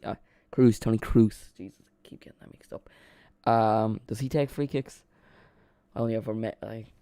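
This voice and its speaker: A man streaming a live watchalong, giving casual, excitable play-by-play and chatting with his viewers, joking at his own expense. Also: lowish voice, clean tone, dry recording. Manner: chatty and excitable, jokes about himself.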